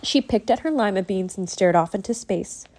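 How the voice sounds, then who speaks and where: A woman reading a children's picture book aloud with gentle, expressive storytelling. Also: medium pitch, normal speed, rough recording. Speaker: storybook reader.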